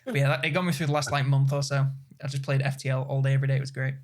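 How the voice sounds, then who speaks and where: A man's voice: medium pitch, level tone, racing, a little mellow. A man co-hosting a gaming podcast in casual chat, joking, laughing and swearing freely. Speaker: podcast co-host.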